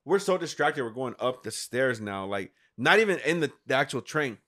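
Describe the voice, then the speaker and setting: A man in his thirties telling a story in casual podcast talk, animated and full of swearing. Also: mid-range voice, normal speed. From United States. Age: 30s. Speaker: podcast guest.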